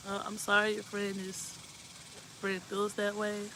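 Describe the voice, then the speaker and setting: Her medium-pitched voice is monotone, unhurried, bright, and forceful, on a rough recording with a little hiss or hum. She hosts a live talk show, giving heartfelt advice earnestly and emotionally while repeatedly asking whether you know what she means.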